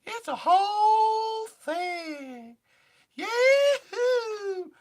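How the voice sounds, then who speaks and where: A man putting on the voice of a giddy young man in Florida, in a shrieking falsetto full of exclamations. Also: animated, very slow, background noise, full character voice.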